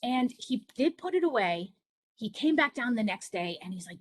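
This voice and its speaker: Presenting to families over video, a middle-aged woman tells personal stories in an earnest, encouraging manner. She has a fairly high, sing-song voice at a moderate pace, with slight background noise.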